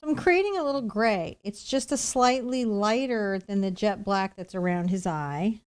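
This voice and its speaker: A woman teaching acrylic painting on a live stream, explaining each step in a chatty, relaxed way. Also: mid-range voice, moderate pace, smooth.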